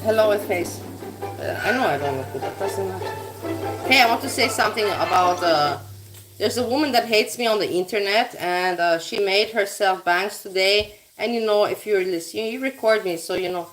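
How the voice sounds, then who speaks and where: Woman vlogger, cooking at home, blunt and foul-mouthed, rambling, mid pitch. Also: moderate pace, over music. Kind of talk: casual rambling chat. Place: home kitchen while cooking.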